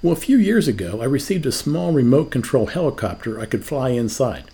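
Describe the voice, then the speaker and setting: A man's voice: medium pitch, big pitch swings, fairly quick, creaky, mellow. An older man preaching a sermon as a pastor, asking rhetorical questions in a conversational way.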